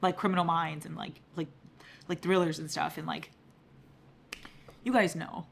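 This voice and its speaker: A young man chatting casually in a book vlog, profane, excitable and rambling. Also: a little high, moderate pace, creaky, pauses often, slight background noise. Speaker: book vlogger. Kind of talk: casual chat.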